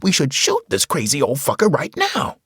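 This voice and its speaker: A man's voice: a little high, huge pitch swings, moderate pace, a bit bright, breathy edge, no room sound, clean studio sound, pitched above the performer's own voice, exaggerated voice. A man voicing a crude, hotheaded man who mutters profanities. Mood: hostile.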